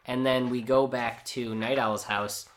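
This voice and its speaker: A man co-hosting a podcast in casual chat, retelling a comic book's scenes with animated asides and acted-out lines. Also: mid-range voice, a little slow. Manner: animated storyteller who acts out characters' lines. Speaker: podcast co-host.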